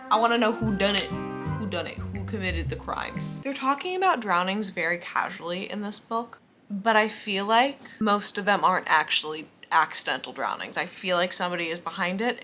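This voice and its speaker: A woman's voice: fairly low pitch, bright, forceful tone. A tired young woman chatting casually at home late at night, yawning and poking fun at herself as she talks about a book. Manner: chatty, self-mocking, yawning. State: sleepy, tired. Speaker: book vlogger. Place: at home indoors.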